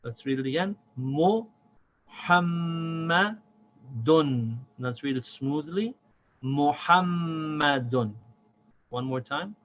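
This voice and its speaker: A man teaching a recorded reading lesson, who patiently breaks words into syllables and repeats them slowly. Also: medium pitch, lively intonation, highs cut off.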